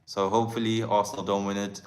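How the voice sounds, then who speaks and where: A man's voice: on the low side, flat delivery, fast, darkish tone, slight background noise. A man hosting a live football fan stream, talking passionately and chattily and greeting viewers by name. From South Africa. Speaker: football channel host.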